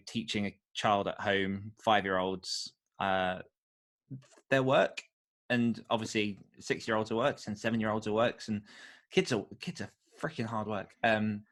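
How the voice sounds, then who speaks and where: Easygoing man with a low voice. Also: fairly bright tone. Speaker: podcast host. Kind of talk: casual chat.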